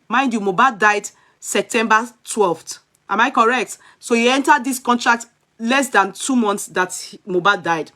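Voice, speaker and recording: A woman's voice: medium pitch, normal speed, bright, forceful tone. A Nigerian woman hosting an online talk show, speaking emphatically and reading a letter aloud with her own remarks in between. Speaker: host.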